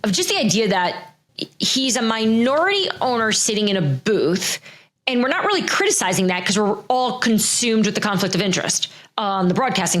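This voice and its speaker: Woman, middle-aged podcast host, animated chatty talk, lively swooping pitch, fairly high voice. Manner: animated, chatty, many fillers and restarts. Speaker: podcast host, NFL insider. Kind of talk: casual chat.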